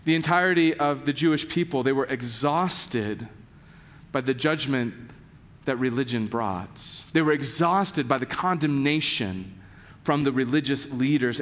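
A man preaching a sermon in a conversational, animated way, sometimes dropping his voice low for emphasis. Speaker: pastor. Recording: echoey hall.

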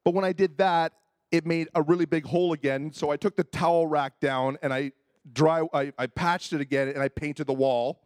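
Man, pastor, fifties, self-mocking sermon story, slightly high voice, dry sound. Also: steady tone, normal speed, a little mellow, smooth, no echo. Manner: self-deprecating, humorous, acts out quoted voices.

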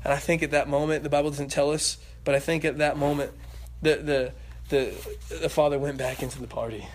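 A man preaching a sermon in a lively way, acting out the voices in the story and joking with the congregation. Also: on the high side, fairly quick. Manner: animated, acts out voices, laughs and jokes.

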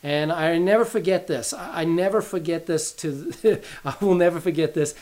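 A man's voice: on the high side, moderate pace, darkish tone. A middle-aged man giving an earnest, sermon-style Bible teaching, repeating key phrases for emphasis as he tells a family story.

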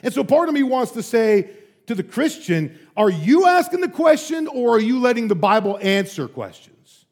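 High voiced preacher guy telling stories in a sermon, animated, lots of asides. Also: normal speed. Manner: animated storytelling, frequent asides. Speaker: pastor.

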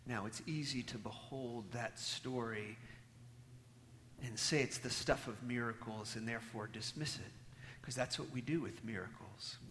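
A man delivers a sermon as a storyteller, his voice at an ordinary middle pitch. He pushes some lines out loudly and lets others fall to a near-whisper. A long reverb hangs on his words, as if from a large church. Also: measured pace, a little hiss or hum. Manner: storytelling, swings from loud emphasis to hushed near-whispers. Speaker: preacher.

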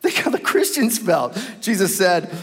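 A middle-aged man preaching a sermon, animated, acting out quoted voices and speaking straight to the congregation. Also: sits high, normal speed. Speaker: pastor. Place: large church hall with reverb. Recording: live sermon in reverberant hall.

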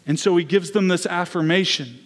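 Male pastor, sermon, high-pitched voice, earnest, personal storytelling. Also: brisk.

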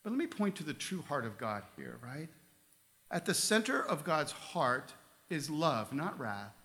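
A man's voice: on the high side, very animated, unhurried, pushed and bright. A man preaching a sermon as a pastor, earnest, with casual asides and light humor.

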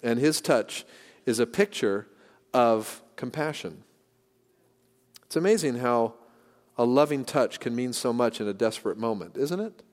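A middle-aged man from the San Francisco Bay Area, preaching a sermon in a church in an earnest, conversational way, pausing and restarting as he speaks. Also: mid-range voice, lively intonation. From San Francisco Bay Area, California. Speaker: pastor. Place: church sanctuary. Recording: long hall reverb.

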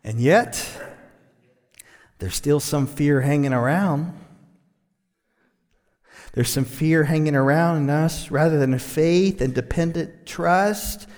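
High-voiced man preaching in a hall. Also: slow pace, long pauses, a little mellow. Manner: impassioned preaching, building to emphatic highs. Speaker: pastor. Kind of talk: sermon.

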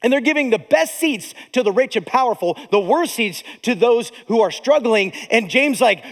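A man preaching a sermon as a pastor, animated, with dramatic pauses. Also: extremely high pitch, in a large hall.

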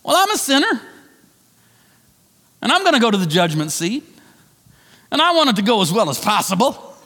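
A middle-aged man preaching a sermon as pastor, conversational and animated, with self-deprecating asides. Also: very high-pitched, normal speed, long reverb tail. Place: church sanctuary.

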